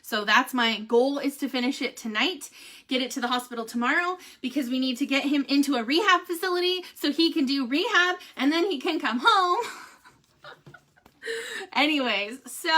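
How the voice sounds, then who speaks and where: Middle-aged woman, casual vlog host, high and bright, animated, quick to laugh. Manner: animated, laughs often, says "holy cow" and "y'all". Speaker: vlogger giving a family update and product review.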